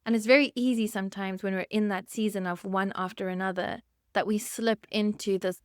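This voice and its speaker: A mid-range, clean-toned voice at normal speed, recorded in a clean studio without room sound, belongs to a South African woman in her thirties. Hosting her podcast alone, this therapist speaks candidly in a personal monologue, growing emotional and choked up near tears, with soft laughter.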